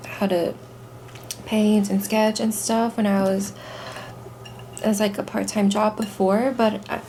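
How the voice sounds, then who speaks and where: A woman vlogging casually at home, tired and a little rough-voiced, talking softly with lots of fillers. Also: a little high, slight background noise, low-quality recording. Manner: soft-spoken, relaxed, chatty with fillers. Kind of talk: casual vlog talk. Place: home, indoors.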